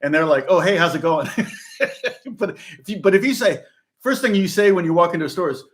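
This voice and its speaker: A man's voice: high voice, lively intonation, a little fast. Chatty, rambling middle-aged man. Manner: rambling, chatty, laughs often, many restarts. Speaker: guitar teacher. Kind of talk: casual live-stream chat.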